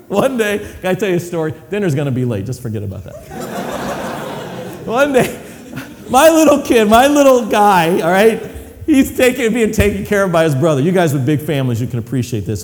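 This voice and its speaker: A middle-aged male pastor preaching an animated sermon, acting out voices and laughing often as he tells stories. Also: sits high, moderate pace, long reverb tail.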